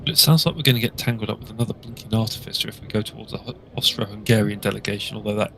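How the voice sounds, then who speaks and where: A man's voice: fairly low pitch, very fast, creaky, a bit bright. A man co-playing a story game on a call, making dry, wry remarks about the choices. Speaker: co-player on a call. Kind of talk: casual chat while playing. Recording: faint background noise.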